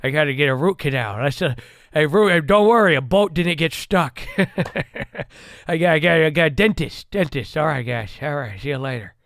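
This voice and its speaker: Male market-stream host; bright, gravelly tone, rambling casual delivery. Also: on the high side, animated, moderate pace, no echo, studio quality. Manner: rambling, joking, laughs often, trails off and mumbles. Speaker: stock market livestream host. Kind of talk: casual live market commentary.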